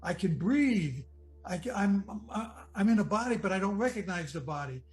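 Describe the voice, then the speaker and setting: A man's voice: sits high, animated, rough recording. Earnest man with a raised voice. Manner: earnest, reflective, halting with restarts. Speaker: near-death experience storyteller. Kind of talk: personal testimony. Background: soft music.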